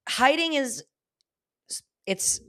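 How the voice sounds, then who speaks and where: A woman's voice: high voice, expressive, extremely slow, fairly bright tone. A woman with a Southern California Valley girl accent, a comedian guest on a podcast, talking candidly and animatedly with frequent laughs and restarted sentences. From Los Angeles. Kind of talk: casual podcast chat.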